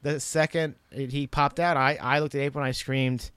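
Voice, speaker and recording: A young man tells a story in a rambling, animated way, stacking fillers and restarts as he goes. His middle-pitched voice sits close to the mic in a dry, dead room. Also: moderate pace, clean tone, no room sound. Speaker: guest telling a story. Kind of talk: casual storytelling chat.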